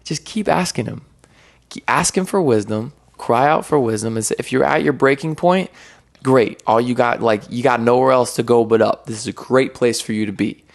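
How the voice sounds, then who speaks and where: A man's voice: medium pitch, moderate pace, creaky. A man talking as a podcast guest in a fervent, rambling, slangy way about faith. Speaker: podcast guest, worship artist. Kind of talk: casual faith chat.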